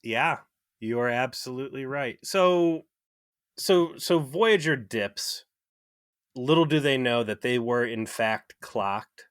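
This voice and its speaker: Young guy riffing on a tv episode, bright voice, dry close sound, swears a lot. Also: mid-range voice, slow pace, no room sound. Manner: wry, swears freely, acts out quoted lines. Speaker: podcast co-host. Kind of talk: casual recap chat.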